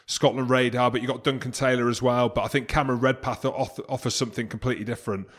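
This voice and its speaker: A man from England chats on a podcast in a loose, self-mocking tone. He jokes his way through the talk in a plain, mid-pitched voice. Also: fairly even intonation, fast talker, fairly bright tone. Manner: jokey, self-mocking banter. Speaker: podcast co-host. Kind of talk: casual podcast chat.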